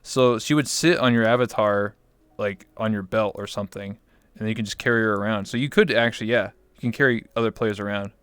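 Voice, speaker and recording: Smooth-voiced man telling rambling stories. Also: fairly low pitch, brisk, fairly bright tone, no echo. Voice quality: smooth, clear voice. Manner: rambling storyteller, lots of fillers and swearing. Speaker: guest. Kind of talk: casual interview chat.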